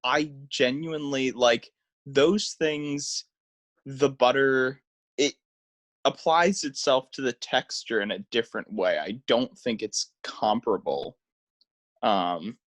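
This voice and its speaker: A young man co-hosts a casual podcast, rambling through his thoughts with frequent "like"s and false starts. His voice sits at an ordinary middle pitch, and the recording is dry and close. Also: takes it slowly, fairly bright tone, no echo. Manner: rambling, hesitant with restarts and "like". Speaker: podcast co-host. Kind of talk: casual chat.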